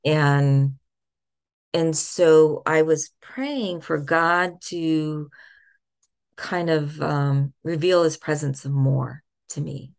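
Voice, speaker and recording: A middle-aged woman with a low, slightly gravelly voice shares a personal faith story as a podcast guest. She is soft-spoken and reflective, stopping now and then to find her words. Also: steady tone, drawn-out words.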